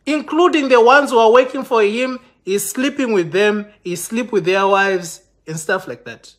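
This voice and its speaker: A man's voice: sits high, moderate pace. A man live-streaming an impassioned, accusatory rant to his viewers, stumbling and restarting often. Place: London.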